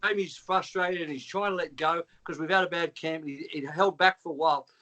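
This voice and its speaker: A man's voice: on the high side, a little fast. A man, a former trainer calling in, telling a long story with lots of swearing and acted-out dialogue. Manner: animated, swearing, acts out dialogue. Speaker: former trainer, guest caller. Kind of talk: storytelling on a call.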